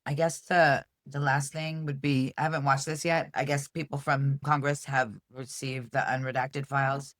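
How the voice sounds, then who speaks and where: A man's voice: medium pitch, flat delivery, normal speed, hardly any pauses, fairly bright tone, no room sound, studio quality. A man co-hosting a casual chat, rambling and hesitant, with many fillers. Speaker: co-host.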